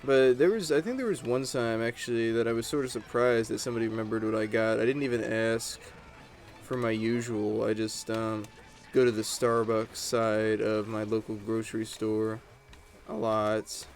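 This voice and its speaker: A man's voice: on the low side, fairly even intonation, moderate pace, faint music behind. A man giving casual gameplay commentary, rambling and chatty as he tells stories while he plays. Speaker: gaming channel host.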